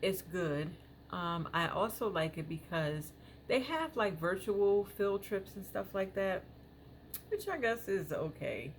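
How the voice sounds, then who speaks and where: A woman's voice: mid-range voice, expressive, slow, slight background noise. A woman in her thirties, a parent vlogger talking casually to her viewers in a rambling way, full of "you know"s. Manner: rambling, filler-heavy, many "you know"s. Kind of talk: casual chat to camera.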